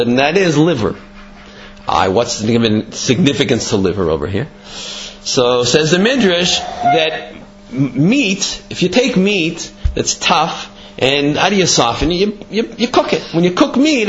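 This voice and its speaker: Brief: man Torah teacher, conversational and lively, in a dull lo-fi recording. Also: a little high, normal speed, a little hiss or hum. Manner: animated, conversational explaining. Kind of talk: Torah class with storytelling.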